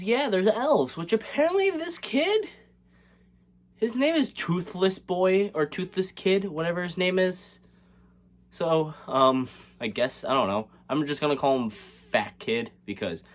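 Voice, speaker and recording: A man's voice: sits high, animated, measured pace. A man recapping a movie in a casual, comedic way, sarcastic and rambling, with many fillers and restarts. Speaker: movie reviewer.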